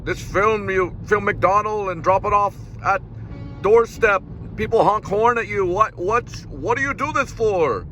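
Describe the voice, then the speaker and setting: A man putting on a baffled foreign film director with an exaggerated German accent and broken, halting phrasing. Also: high voice, bright, forceful tone, a little hiss or hum, voice pushed up.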